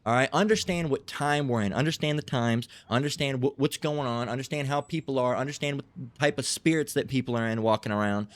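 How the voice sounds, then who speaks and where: A man's voice: mid-range voice, a little fast. A man preaching in a blunt, profane, emphatic style, repeating himself and acting out quarrels.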